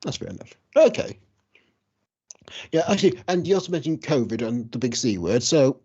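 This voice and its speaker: A man from the United Kingdom hosting a podcast, chatting casually and asking lively questions. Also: medium pitch, dull audio. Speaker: podcast host.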